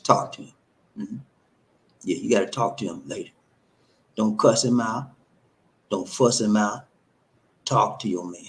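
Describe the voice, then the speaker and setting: A man's voice: lowish voice, a little slow, long pauses, low-quality recording. Male host, emphatic, repetitive, preacher-like cadence, live stream advice talk.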